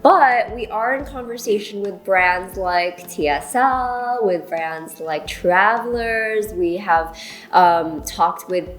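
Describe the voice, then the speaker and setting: A woman's voice: medium pitch, slow, faint music behind, low-quality recording. Upbeat chatty woman shop host. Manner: upbeat, rambling, laughs often. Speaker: stationery shop co-owner presenting updates. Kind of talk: casual chatty announcement video.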